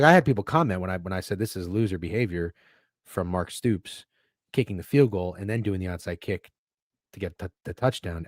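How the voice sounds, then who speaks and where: Low-voiced man ranting about sports bets. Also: no echo, clean studio sound. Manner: rambling, swears, gets worked up when defending his takes. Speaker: sports betting podcast co-host. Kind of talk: casual chat.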